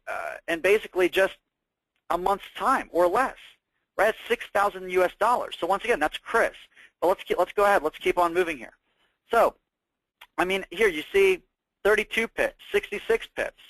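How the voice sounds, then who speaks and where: A man presenting a trading course, making an upbeat sales pitch full of rhetorical questions. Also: fairly bright tone, no room sound, low-quality recording.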